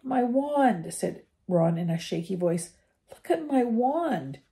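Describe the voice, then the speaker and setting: An older woman voicing a panicky, gloomy young wizard boy with high, drawn-out exclamations. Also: big pitch swings, warm tone. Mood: shaky.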